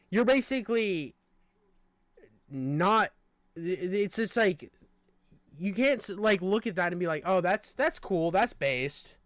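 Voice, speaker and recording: A young man with a high-pitched voice rants on stream, swearing freely and arguing straight at a critic. The sound is dry and close. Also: fairly bright tone, no room sound. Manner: profane, argumentative, addressing a critic directly. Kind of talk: heated live-stream rant.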